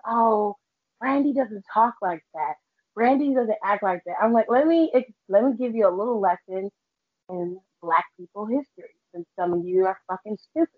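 A woman's voice: on the high side, phone-quality sound. A woman from the United States co-hosting a podcast, explaining things in an emphatic, profane way. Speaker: podcast co-host. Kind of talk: casual chat.

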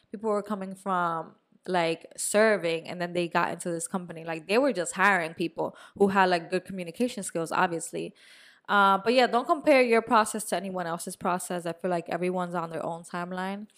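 A young woman co-hosting a podcast, telling a story in a casual, animated way, now and then swearing and dropping in Spanish words. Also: fairly low pitch, fairly quick. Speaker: podcast co-host. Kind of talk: casual chat.

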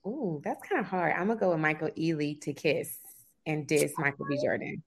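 A woman's voice: deep voice, animated, normal speed, slightly rough. A woman guest in a casual interview, candid and blunt, laughing easily.

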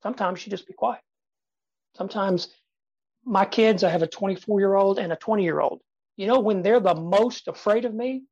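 A man in his fifties, a guest speaker in a podcast interview, talking energetically and emphatically with dramatic pauses and sudden soft drops. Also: sits high, no room sound, highs cut off. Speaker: guest speaker and sales trainer.

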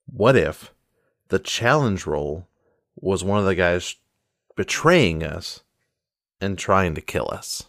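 A man narrating his moves in a tabletop role-play, relaxed and joking. His voice rises and falls with lively variety, and the sound is dry and close. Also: deep voice, takes it slowly, pauses often, dry recording. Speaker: tabletop player.

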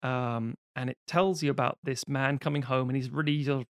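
A man co-hosts a podcast about film, chatting casually and animatedly while restarting often and swearing. His mid-range voice has fairly even intonation and a brisk pace, and the clean studio recording has no echo.

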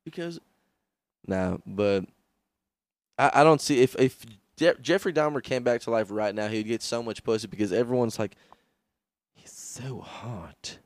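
A man's voice: medium pitch, moderate pace, dry recording. Young male podcaster, casual and laughing, mid-range voice, dry close mic. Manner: laughing, stumbles over names. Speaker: podcast co-host. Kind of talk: casual comedic chat.

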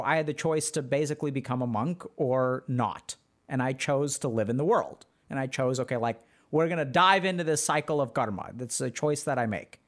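A man hosting a casual livestream, answering chat questions in a loose, explanatory way with plenty of filler words. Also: mid-range voice. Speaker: podcast host answering chat.

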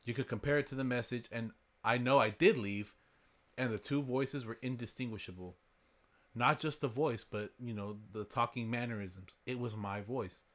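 A man's voice: medium pitch, moderate pace. A man hosting a podcast, reading listener stories aloud in a casual way. He swears freely and laughs as he goes.

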